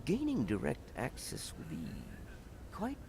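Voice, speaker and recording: Formal measured game dude, lively pitch, noisy game audio. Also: male voice, gravelly, full character voice. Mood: calm. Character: composed male game character, formal and measured. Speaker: non-player character.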